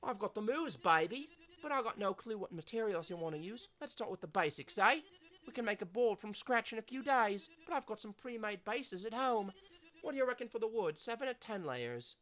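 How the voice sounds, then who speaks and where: Brash Australian skater girl, cocky and loud, voiced by a woman with a lively, bouncing pitch. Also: a little fast, lightly acted. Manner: loud, boisterous slang-filled banter.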